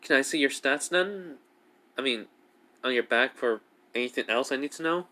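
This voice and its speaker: A man's voice: mid-range voice, normal speed, bright, forceful tone, lightly acted. A man voicing a caring young woman who advises adventurers, asking worried questions in a raised voice. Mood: concerned.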